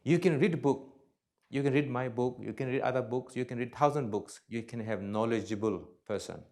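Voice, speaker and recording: A man giving a dharma talk as a Buddhist teacher, blunt and joking, in broken English grammar, swinging between loud emphatic bursts and soft asides. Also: mid-range voice, fairly quick.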